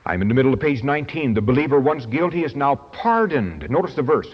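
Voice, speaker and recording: Animated male preacher on dull radio. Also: fairly high pitch, husky. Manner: emphatic, swings between slow stressed phrases and quick asides. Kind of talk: sermon teaching from a study booklet. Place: large auditorium.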